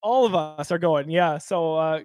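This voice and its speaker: A man's voice: on the high side, unhurried, a little mellow, dry recording. An enthusiastic man co-hosting a casual gaming podcast, talking upbeat about a new movie. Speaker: podcast co-host.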